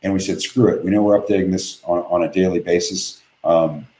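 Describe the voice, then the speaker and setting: A man's voice: sits low, fairly even intonation, a little fast, mellow, echoey room, low-quality recording. A man hosting a live webinar from home, reading viewer questions aloud and answering them bluntly and offhand. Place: home office.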